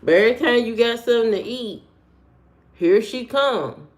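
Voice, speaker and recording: There's slight background noise as an American woman with a somewhat high voice streams at a normal speed. She fields chat in a slangy, sassy, joking way, speaking directly to viewers with frequent fillers.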